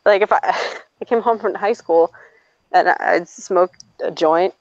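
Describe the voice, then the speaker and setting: A woman's voice: on the low side, a little slow, no echo. A woman in her twenties chatting casually and telling personal stories, blunt and profane, often laughing as she talks. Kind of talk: casual chat, personal storytelling. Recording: slightly dull, dry recording.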